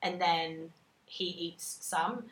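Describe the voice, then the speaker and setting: Lowish-voiced woman telling a dating story. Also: drawn-out words. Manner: animated storytelling, swears freely, mimics voices in quotes. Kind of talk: casual chat. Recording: roomy echo.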